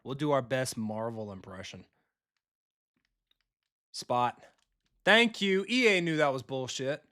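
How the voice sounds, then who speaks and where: A man streaming a football video game live, talking casually and bluntly with his viewers and reacting quickly to the plays. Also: medium pitch, lively intonation, fairly bright tone. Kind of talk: live gameplay commentary, chatting with viewers.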